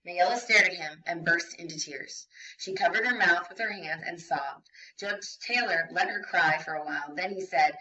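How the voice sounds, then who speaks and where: A woman's voice: fairly low pitch, moderate pace, bright, forceful tone, distant mic, lo-fi sound. Woman teacher reading a novel aloud.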